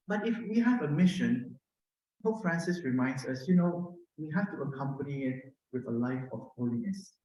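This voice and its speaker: A middle-aged man with a Filipino accent gives a conversational sermon in a gentle, personal way, often asking "no?". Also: medium pitch. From Philippines. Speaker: preacher. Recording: very echoey room.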